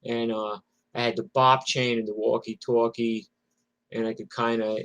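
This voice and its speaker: A middle-aged man, spinning casual stories from his working days. He curses constantly and rambles through restarts and fillers, at a middle pitch. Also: little pitch movement, normal speed, a bit bright. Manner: profane, rambling, lots of fillers. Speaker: storyteller. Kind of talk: casual personal storytelling.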